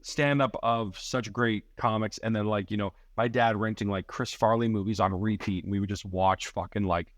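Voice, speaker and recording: A man's voice: on the low side, fairly even intonation, moderate pace, few pauses, no room sound. Brief: man, comedian guest, chatty and foul-mouthed, dry close mic. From Richmond Hill, Ontario, Canada. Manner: loose and profane, heavy on "like" fillers. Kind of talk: casual podcast storytelling.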